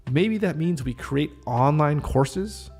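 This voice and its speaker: A man's voice: a little high, animated, slow, darkish tone, faint music behind. A man hosting a podcast, reading draft lines of a script aloud, stopping often to rethink and reword them. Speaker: podcast host. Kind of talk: casual solo script rehearsal.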